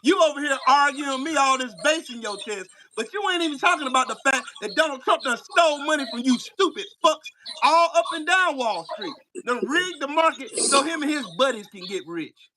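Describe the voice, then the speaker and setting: A man with a high, very bright voice delivers a profane, taunting rant on his live stream. He trash-talks a viewer relentlessly from his home setup. A faint hiss sits under the voice. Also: lively intonation, moderate pace.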